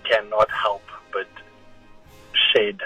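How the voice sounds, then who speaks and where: Upbeat, bright man. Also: fairly low pitch, completely flat delivery, slow, husky, soft background music, rough recording. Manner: upbeat, proud. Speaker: caller sending a voice note.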